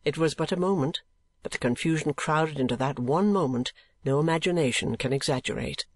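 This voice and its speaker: Measured male audiobook narrator, dry sound. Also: a little high, dry recording. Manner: measured, even storytelling. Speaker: audiobook reader. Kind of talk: scripted narration.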